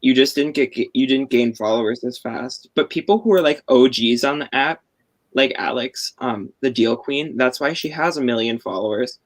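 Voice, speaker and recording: A man's voice: medium pitch, normal speed, rough recording. A man hosting a casual live-stream chat over a video call, explaining things at length with many fillers. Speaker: host.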